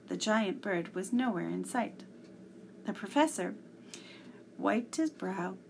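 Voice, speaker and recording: A woman reading a children's story aloud, slow and deliberate, with small slips along the way. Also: mid-range voice, gravelly, darkish tone, a little hiss or hum.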